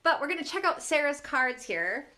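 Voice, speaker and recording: Excitable woman streaming live from home, high bright voice, gasps and giggles a lot, casual chat to viewers. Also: moderate pace. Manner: bubbly, excitable, gasping and giggling often. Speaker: artist hosting a live stream. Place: at home, on a couch. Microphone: camera on a tripod.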